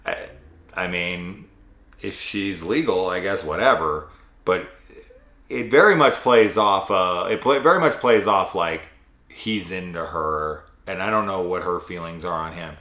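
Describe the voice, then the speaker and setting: A man's voice: deep voice, measured pace, bright, forceful tone. A man casually reviewing a horror sequel, rambling and sarcastic, swearing freely. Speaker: movie reviewer. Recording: echoey room.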